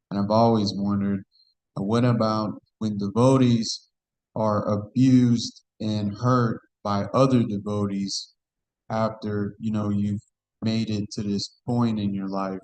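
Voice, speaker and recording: A man in the audience asks a long question in a low voice. He speaks hesitantly and fills his pauses often. His pitch stays flat with little movement. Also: poor audio. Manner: hesitant, many fillers. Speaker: audience member asking a question.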